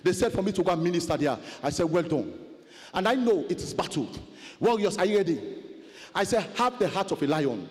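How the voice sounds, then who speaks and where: A man preaching a fiery sermon testimony, chanting and shouting repeated refrains. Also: high-pitched, very animated, a little fast. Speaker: pastor. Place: large conference hall. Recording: long hall reverb.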